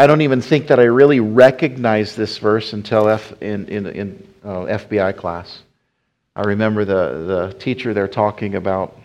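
A man preaching a sermon, rising to emphatic appeals and dropping to soft hushed passages. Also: on the low side. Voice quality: whispers at times. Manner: swells loud and emphatic, then drops to a soft hush.

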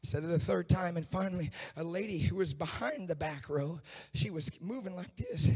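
A man preaching a sermon, telling a story in a hushed voice and rising into shouted, sung preaching. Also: high-pitched, animated, moderate pace, husky.

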